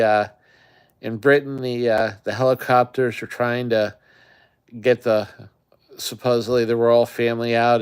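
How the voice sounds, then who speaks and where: A man's voice: mid-range voice, smooth. A man hosting a casual live chat, rambling and talking straight to his viewers. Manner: rambling, chatty, talks to viewers. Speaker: livestream host.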